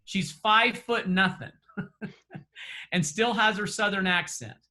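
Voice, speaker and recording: A man's voice: sits high, slow, pushed and bright. A man giving earnest, encouraging closing remarks as a real estate trainer over a video call, with frequent fillers and restarts.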